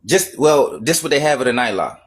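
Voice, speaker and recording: A man rants heatedly in a casual stream. His voice is mid-pitched, and his talk is profane and emphatic. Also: animated, brisk.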